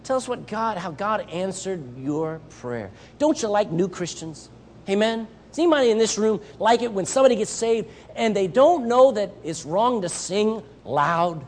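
This missionary preacher has a Southern US accent and a voice that sits high, keeping a moderate pace. He animates his sermon by acting out Bible characters.

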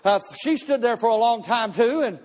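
A man preaching a testimony sermon at a live church service, telling his story with animated bursts of shouting. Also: very high-pitched, moderate pace. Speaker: pastor. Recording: long reverb of a church hall.

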